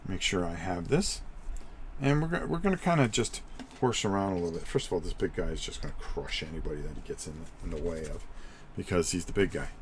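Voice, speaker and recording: A man's voice: low-pitched, expressive, quick pace, slight background noise. A middle-aged man hosting a live stream, walking viewers through tabletop game rules in a rambling, chatty way and often repeating himself.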